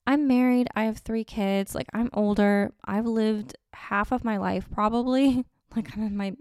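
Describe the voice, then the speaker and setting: Chatty woman in her thirties, smooth voice. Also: a little high, steady tone, measured pace, darkish tone, dry recording, studio quality. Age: 30s. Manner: rambling, chatty, self-correcting with frequent laughs. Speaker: vlogger. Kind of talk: casual chat to camera.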